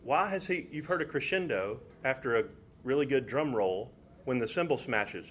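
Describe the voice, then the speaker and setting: A man's voice: mid-range voice, animated, normal speed, a bit bright, slight background noise. A man teaching a Bible study in an informal, explanatory way, walking listeners through a passage. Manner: explanatory, informal, drops into quoting scripture.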